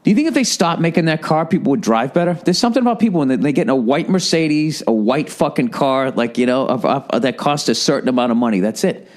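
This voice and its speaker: A middle-aged man with a Boston accent rants through a casual comedy podcast. He swears constantly, with sudden loud complaints between grumbling asides, all recorded close on a studio mic. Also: animated, fast. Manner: profane, ranting, swings between loud gripes and low mutters. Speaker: podcast host.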